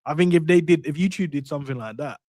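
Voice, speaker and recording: A man's voice: a little high, fast, mellow, no room sound, clean studio sound. A man co-hosting a casual football chat, rambling and restarting his sentences. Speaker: co-host of a football channel.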